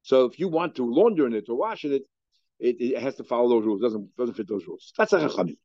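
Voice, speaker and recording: A man's voice: medium pitch, expressive, quick pace, dry recording, highs cut off. A man with a Yeshivish English accent giving a daily Talmud lecture, thinking aloud with many fillers and restarts. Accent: Yeshivish English, Hebrew and Aramaic terms mixed in. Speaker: Talmud teacher.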